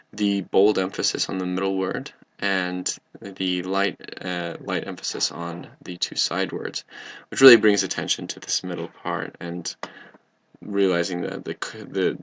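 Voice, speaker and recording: Young guy doing a class presentation, deep and kinda gravelly, earnest. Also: a bit bright. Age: young adult. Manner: earnest, explanatory. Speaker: communications student presenter.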